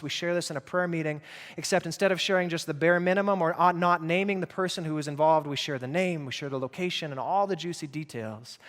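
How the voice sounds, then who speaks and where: A man's voice: on the high side, in a large hall. A male pastor preaching a sermon in a conversational, emphatic way, with asides to his congregation. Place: church sanctuary.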